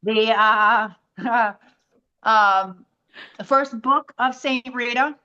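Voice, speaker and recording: A woman from the US, guesting on a podcast, delivers a personal story very slowly, bringing it to life by acting out other people's voices. Her voice is on the high side with a clean tone, though the sound is lo-fi.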